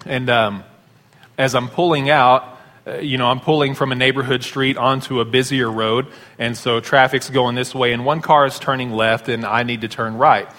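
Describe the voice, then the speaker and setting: A pastor preaching a sermon, telling stories in a conversational way. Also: male voice, medium pitch, pushed and bright. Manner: conversational storytelling. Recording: long hall reverb.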